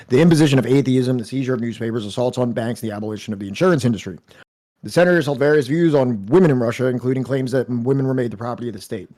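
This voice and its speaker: A man's voice: mid-range voice, dark tone. Guy reading a history book on a podcast, chuckles a lot, medium voice. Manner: laughs often, reads passages aloud. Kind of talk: casual podcast discussion and reading aloud.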